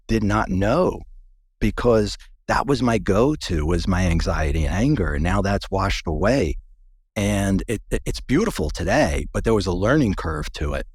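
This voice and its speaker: Gravelly-voiced man telling his story. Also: fairly low pitch, no room sound, clean studio sound. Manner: earnest, conversational, restarts mid-sentence. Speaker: guest. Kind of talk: personal storytelling interview.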